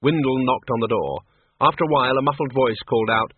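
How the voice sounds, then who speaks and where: A man's voice: medium pitch, fast, husky, dry recording. A man narrating a story with dry, wry timing. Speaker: audiobook narrator. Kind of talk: scripted narration. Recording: tinny radio broadcast.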